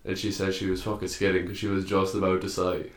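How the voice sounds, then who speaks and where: A man's voice: deep voice, monotone, fast. A young Irish man in his twenties co-hosting a podcast, joking crudely and laughing often. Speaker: podcast co-host. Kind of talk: casual chat. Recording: roomy echo.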